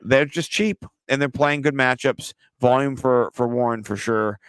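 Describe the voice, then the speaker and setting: A man co-hosting a casual fantasy football show, joking and swearing through lively banter. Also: mid-range voice, moderate pace, smooth, no room sound. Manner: joking, profane, animated banter. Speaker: podcast co-host.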